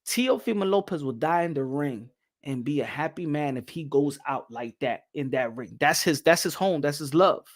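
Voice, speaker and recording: A man hosting a boxing show, talking in an animated, rambling way and slipping into Spanish. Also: a little high, normal speed. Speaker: boxing podcast host. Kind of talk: casual boxing commentary.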